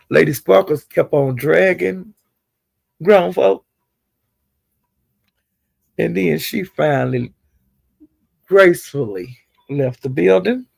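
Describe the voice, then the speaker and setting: A man with a fairly high, gravelly, darkish voice riffs on online live-stream drama in casual, profane gossip, scolding those involved by addressing them directly. There is no echo.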